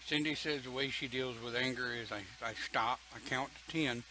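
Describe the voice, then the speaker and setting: A man's voice: mid-range voice, steady tone, normal speed, sharp tone, a little hiss or hum, poor audio. An older man leading an online pagan church talk, folksy and chatty, reading viewer comments and laughing often.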